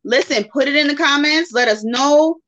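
A woman's voice: high voice, normal speed, a bit bright, muffled recording. A woman in her thirties hosting a casual live-stream chat, speaking emphatically and directly to her viewers. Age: 30s. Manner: emphatic, talks straight to viewers. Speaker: host.

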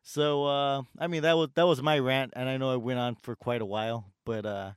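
A man's voice: medium pitch, fairly even intonation, a little fast, smooth, dry recording, studio quality. A man ranting casually about his customer service job, swearing and acting out the customers he deals with. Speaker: store door greeter in customer service. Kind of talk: casual chat.

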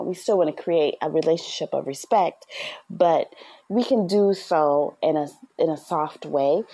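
Woman podcast host with a low, warm voice; earnest, encouraging parenting advice.

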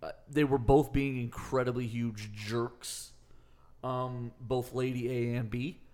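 A man's voice: mid-range voice, flat delivery, takes it slowly, mellow. Laid-back male podcast co-host. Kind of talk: casual chat.

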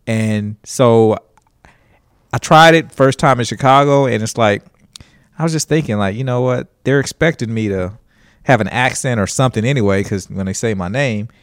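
A man with a Southern accent talks through his stand-up stories in an easy, animated way and acts out quoted lines. His voice sits at a middling pitch. The sound is dry and close, with no room around it. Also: normal speed, no echo. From Alabama, US. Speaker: stand-up comedian guest. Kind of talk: casual conversation.

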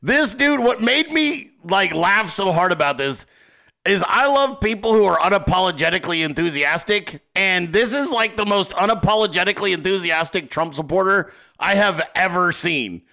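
A male host giving excitable, profane political commentary, laughing often as he talks. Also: high voice, normal speed. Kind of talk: casual commentary.

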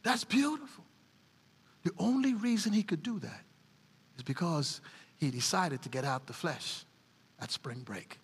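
A middle-aged woman preacher giving a sermon, mixing animated preaching with folksy stories about her family. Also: sits low, normal speed, husky, long reverb tail.

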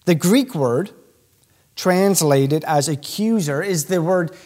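A male pastor preaching a sermon in an animated, emphatic way, speeding up and slowing down to stress his points. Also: fairly high pitch. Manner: animated, emphatic preaching with sudden shifts in pace.

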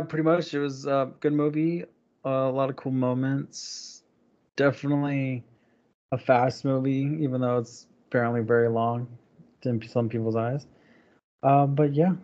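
Young male co-host, relaxed and brief, on a slightly muffled mic. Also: medium pitch, normal speed, long pauses. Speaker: podcast co-host. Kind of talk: casual movie review chat.

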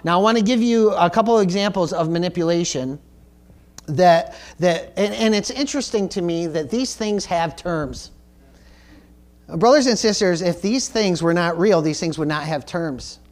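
A man's voice: high-pitched, normal speed. Emphatic preaching man. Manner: earnest, emphatic, repeats words when stressing points; calls for audience responses like "Amen?". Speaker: pastor. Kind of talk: sermon.

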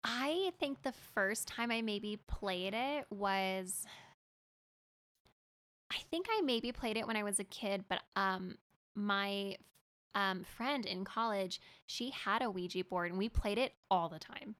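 A woman's voice: mid-range voice, slow pace, a bit bright. A young woman from Southern California hosting a podcast in easygoing, chatty conversation, laughing often. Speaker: podcast host. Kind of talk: casual podcast chat.

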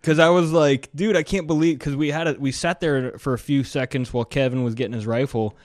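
A man's voice: medium pitch, steady tone, fairly quick, no room sound, studio quality. A man hosting a podcast in casual chat, blunt and joking, swearing casually. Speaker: podcast host.

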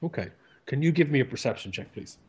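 Brief: male game master, mid-pitched, casual and rambling, full of fillers. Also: expressive, fast, darkish tone, husky. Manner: loose and rambling, many fillers. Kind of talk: narrating a tabletop game.

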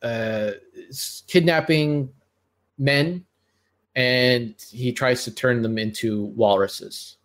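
A man's voice: medium pitch, slow. A man hosting a podcast, chatting casually and giving his blunt, rambling opinions. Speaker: podcast host. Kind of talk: casual chat.

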